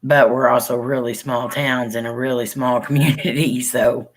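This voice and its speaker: A man co-hosting a casual livestream, chatting with viewers, laughing often and spelling words out slowly. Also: mid-range voice, little pitch movement, low-quality recording. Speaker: livestream co-host.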